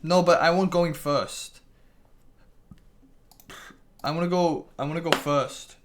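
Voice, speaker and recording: A man's voice: a little high, steady tone, takes it slowly, background noise. A man streaming a card game, chatting casually with his viewers, restarting sentences and swearing offhandedly. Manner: swears casually, restarts a lot, reads chat aloud. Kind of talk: casual live-stream chat.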